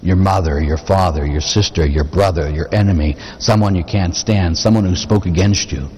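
A man's voice: deep voice, moderate pace, hardly any pauses, a little mellow, slightly rough. A man preaching a sermon as a Catholic priest, talking conversationally and posing rhetorical questions to the congregation. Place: church. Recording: long reverb of a church.

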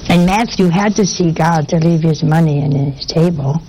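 A woman's voice: sits low, moderate pace, dark tone, a little hiss or hum, low-quality recording. A woman giving a sermon in a folksy, conversational way, often asking her listeners rhetorical questions. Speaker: preacher.

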